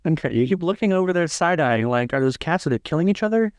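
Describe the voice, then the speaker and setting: A man co-hosting a chatty podcast, his voice sitting somewhat high for a man. He rambles and jokes, restarting his sentences often. The sound is dry and close to the mic. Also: lively intonation, fast, no room sound. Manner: rambling, joking, with many restarts. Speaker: podcast co-host. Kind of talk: casual chat.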